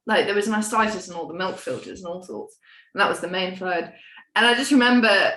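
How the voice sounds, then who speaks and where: Speaking brisk and forceful, with a bright, medium-pitched voice, a young UK woman guests on a podcast. She rambles candidly through her story, pokes fun at herself and swears occasionally. There's a roomy echo.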